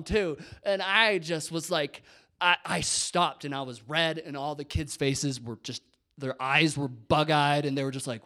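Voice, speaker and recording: Animated young man telling a faith story. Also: fairly high pitch, a little slow. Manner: animated, drops to whispers when quoting, laughs at himself. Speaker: youth pastor. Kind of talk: personal testimony storytelling.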